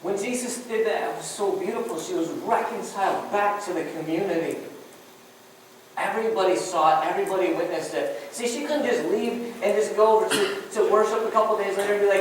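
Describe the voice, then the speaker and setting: A woman preacher giving a sermon, telling the story in an animated way with many restarts. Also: mid-range voice, fairly quick, slight background noise. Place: church sanctuary. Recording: echoey church hall, mic far off.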